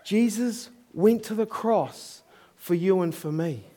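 Speaking slowly and mellowly, a middle-aged New Zealander with a distinctly high voice tells stories through his sermon. He's sincere, and he laughs softly at the mishaps he's had.

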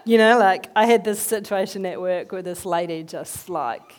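A woman giving a conversational sermon, telling animated, chatty stories in an everyday voice. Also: lowish voice, moderate pace. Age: adult, working as a head teacher. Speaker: lay speaker giving a talk.

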